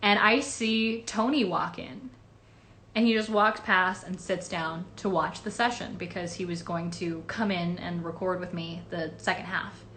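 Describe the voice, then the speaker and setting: A voice actress answers fan questions on a casual phone or webcam livestream, chatty and rambling with lots of fillers. Her voice is lowish and fairly bright, with mostly even intonation and an unhurried pace. Slight background noise is present.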